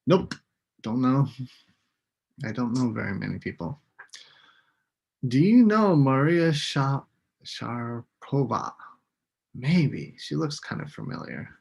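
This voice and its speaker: Man, English teacher, live lesson, slow and patient, gravelly voice. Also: medium pitch, very animated, a little mellow, dull audio. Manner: slow, patient, models words for repetition.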